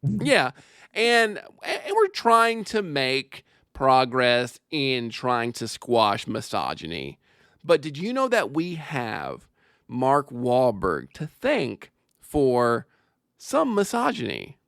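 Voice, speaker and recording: A man hosting a podcast in casual, joking chat, animated and quick with asides, laughing often. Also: medium pitch, vocal fry, smooth, no room sound, clean studio sound. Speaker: podcast host.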